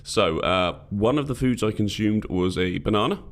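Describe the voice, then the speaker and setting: A man's voice: lowish voice, moderate pace. A man co-hosting a podcast, telling a rambling story in casual chat with many restarts. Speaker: podcast co-host.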